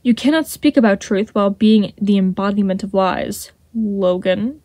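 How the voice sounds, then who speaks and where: A woman voicing a sly, snake-like male deceiver in a storybook reading, with a smooth, honeyed manner. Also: medium pitch, normal speed, warm tone, no room sound, close to an everyday voice. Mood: mocking. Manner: purring and mocking.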